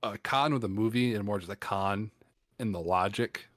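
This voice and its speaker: A man with a fairly low voice, recorded dry with no room echo. He shares film opinions in a casual chat, hedging and filling pauses with ums as he thinks. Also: fairly bright tone. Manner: hesitant, lots of ums and hedging. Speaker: film podcast co-host.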